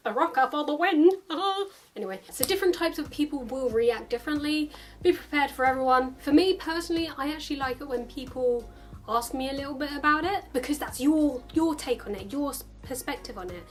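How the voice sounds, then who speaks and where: A woman's voice: high-pitched, a little fast, faint music behind. A young adult woman vlogging casually to camera in a chatty, upbeat way, acting out the lines of other people now and then.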